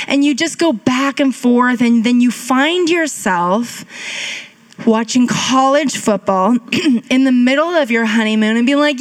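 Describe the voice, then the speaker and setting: A woman's voice: fairly high pitch, expressive, moderate pace. A woman pastor in her thirties preaching a sermon as a chatty, self-mocking story, acting out the voices she quotes.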